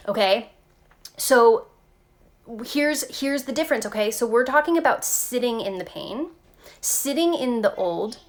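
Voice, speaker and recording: A woman talking casually to her viewers about spiritual growth, animated and chatty, often saying "like" and "okay". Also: mid-range voice, a little slow. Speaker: spiritual tarot vlogger.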